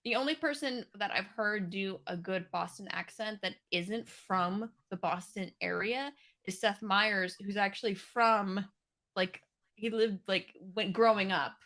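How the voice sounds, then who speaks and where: A woman's voice: medium pitch, unhurried. A woman from New England co-hosting a podcast, joking and chatting casually. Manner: jokey, lively storyteller. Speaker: podcast co-host. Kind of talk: casual chat.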